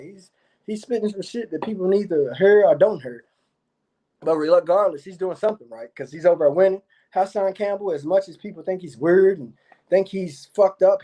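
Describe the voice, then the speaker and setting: His voice is high with a dark tone. He's a YouTube commentator giving his viewers a boastful, foul-mouthed monologue full of repetition and frequent swearing.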